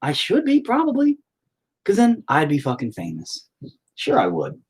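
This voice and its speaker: This artist's voice is fairly high and breathy, swooping wildly in pitch at a normal speed. He paints live and chats to his stream through a laptop mic, rambling candidly, swearing, and putting himself down.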